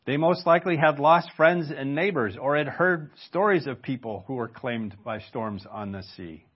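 A man's voice: medium pitch, husky, lo-fi sound. A man preaching a sermon in a conversational way, stopping for rhetorical questions and asides. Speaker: pastor.

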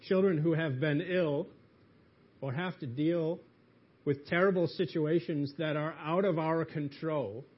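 A man with a highish, husky voice preaches a sermon earnestly, rising into emphatic pleas whenever he quotes. The recording is dull and lo-fi.

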